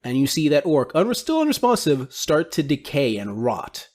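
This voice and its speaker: A man narrating a tabletop game as game master, describing scenes with quick asides. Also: on the high side, sing-song, a little mellow.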